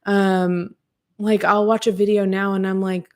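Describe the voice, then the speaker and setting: A woman's voice: medium pitch, flat delivery, measured pace. Woman, podcast host, casual livestream chat, rambling, lots of fillers, frank, swears now and then. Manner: talks to live chat readers.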